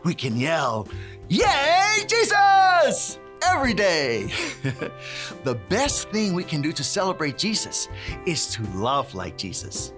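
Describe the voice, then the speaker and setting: A cheerful handyman played by a performer tells a children's Bible story and drops Spanish words into it. He speaks slowly and his pitch jumps a great deal as he urges the little builders on. Faint background music runs under him. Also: very animated, a bit bright. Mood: cheery. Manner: sprinkles in Spanish words, bouncy and encouraging. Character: cheerful male handyman who leads kids.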